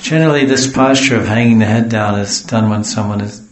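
A man from the West, a spiritual teacher, gives a storytelling sermon, speaking fairly quickly in a low-ish voice. He digresses into homely asides and acts out what people said. The recording sounds roomy and rough.

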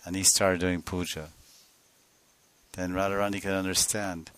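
A man giving a devotional sermon as a spiritual teacher, telling a sacred story with soft laughs and acting out the voices of its figures. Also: low voice, little pitch movement, normal speed, pauses often, smooth. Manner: laughs softly between phrases.

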